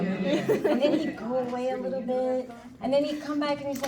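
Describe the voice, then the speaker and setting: A conference speaker in an echoey hall, heard from a distance over crowd noise, candidly recounts her story and acts out her past dialogue and inner voice. She talks a little fast, in a slightly high voice with fairly even intonation.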